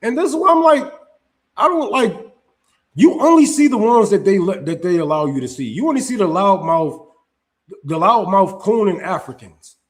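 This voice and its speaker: A man's voice: high voice, animated, normal speed. A man hosting a casual opinion livestream, talking in a heated, profane, emphatic way with frequent restarts. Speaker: livestream host. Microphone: streaming setup mic.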